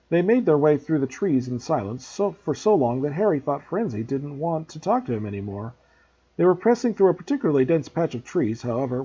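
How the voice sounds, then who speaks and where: A man, a teacher, reading a novel aloud for his students in an expressive storytelling way, on a dull lo-fi recording. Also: a little high, husky.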